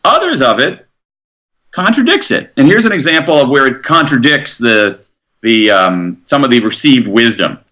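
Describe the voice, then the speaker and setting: A man being interviewed as an author, explaining research in an animated way and acting out quotes. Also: medium pitch, normal speed. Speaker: author guest.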